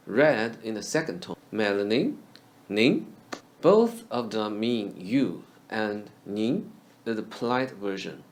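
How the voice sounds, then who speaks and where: A young man teaching Chinese pronunciation in a scripted lesson, saying each sound clearly and repeating it slowly for learners. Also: mid-range voice.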